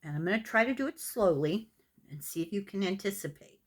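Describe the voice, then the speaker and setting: An older woman with an Irish accent, gently talking viewers through a knitting tutorial step by step, patient and a little self-deprecating. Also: mid-range voice, animated, fairly quick. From Ireland. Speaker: knitting teacher.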